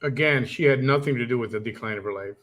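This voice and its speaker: A man's voice: medium pitch, fast, a bit bright. A man co-hosting a show, reacting to a clip with casual, sarcastic asides. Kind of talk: casual commentary.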